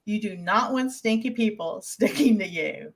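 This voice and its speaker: A woman with a Southern US accent talks in an easygoing, folksy way, laughing through her stories. Her pitch sits in an ordinary middle range for a woman. She comes across as a relaxed podcast co-host. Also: normal speed. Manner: chatty, laughs often, folksy. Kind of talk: casual chat.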